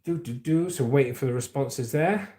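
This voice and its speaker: A man's voice: mid-range voice, normal speed, dark tone. A middle-aged man, hosting a casual livestream and chatting loosely while reading out viewer comments. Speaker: livestream host.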